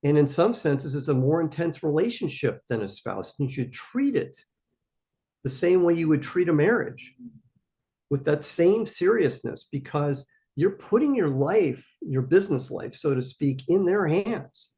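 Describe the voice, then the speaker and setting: A man's voice: a little high, big pitch swings, measured pace, dark tone. A man hosting a live question-and-answer stream for startup founders, giving emphatic, coaching answers and repeating his key points.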